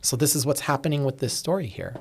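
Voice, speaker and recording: A man's voice: medium pitch, quick pace, husky. Male attorney guest, candid storyteller with occasional profanity, who slips into quoted voices mid-story. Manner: frank, animated, acts out quoted dialogue, occasional profanity. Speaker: estate planning attorney, podcast guest. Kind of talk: casual interview storytelling.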